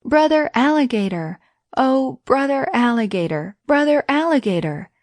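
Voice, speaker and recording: Lady voicing a scared storybook man begging for his life, pitch pushed up high, dry close sound. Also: lively intonation, moderate pace, a little mellow, dry recording. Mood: pleading. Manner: pleading, raised pitch. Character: frightened man, a pleading Brahmin.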